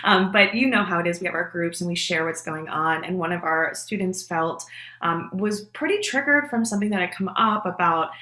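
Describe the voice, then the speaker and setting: A woman hosting a conversational podcast interview, telling stories in a candid, expressive way. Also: fairly low pitch, brisk. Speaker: podcast host. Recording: echoey room.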